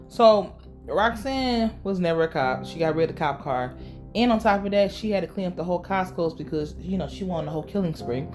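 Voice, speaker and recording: A woman giving a casual, sassy and profane recap of a TV episode with lively asides. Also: medium pitch. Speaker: show recap host.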